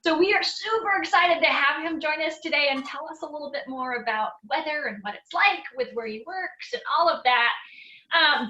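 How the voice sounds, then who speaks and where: A woman's voice: high voice, bright, forceful tone, echoey room, muffled recording. A woman co-hosting a recreation program over a video call, upbeat and encouraging as she calls on participants by name.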